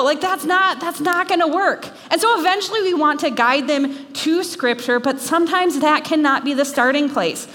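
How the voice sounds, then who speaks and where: A young woman from Minnesota giving an animated, self-deprecating talk to students. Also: sits high, moderate pace, few pauses. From Minnesota, USA. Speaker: speaker. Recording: long hall reverb.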